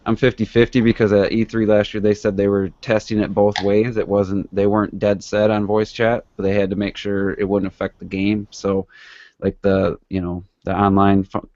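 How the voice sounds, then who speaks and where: Low, flat-voiced man on a podcast. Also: normal speed, no echo. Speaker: podcast guest. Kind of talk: casual chat. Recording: dull dry lo-fi recording.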